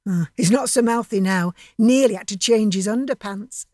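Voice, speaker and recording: A woman's voice: mid-range voice, moderate pace, dark tone, no echo, clean studio sound. A woman narrating a dramatic monologue in a chatty, vivid storytelling manner.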